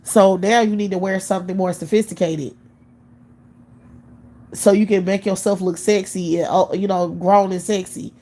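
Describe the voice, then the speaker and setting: A woman's voice: medium pitch, steady tone, moderate pace, mellow. Woman ranting bluntly, heavy cursing. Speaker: live-stream host. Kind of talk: profane casual rant.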